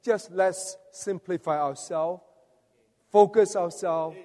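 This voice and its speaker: A preacher leading a conference message delivers a rousing sermon, coaxing the audience to respond. His voice is high, slow and dark in tone, carried by the long reverb of a large hall.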